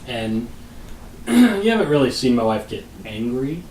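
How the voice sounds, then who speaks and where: A man co-hosting a podcast, telling a long casual story in a rambling way, often clearing his throat and laughing at his own tale. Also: medium pitch, very animated, a little slow, a little mellow, echoey room, distant mic, a little hiss or hum, rough recording. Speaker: podcast co-host.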